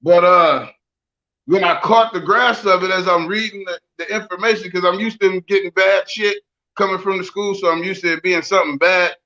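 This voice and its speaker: A bright, high-pitched man in his forties trades profane, joking stories in loose podcast banter. The sound is a little dull and lo-fi. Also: steady tone, normal speed. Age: 40s. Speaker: podcast co-host.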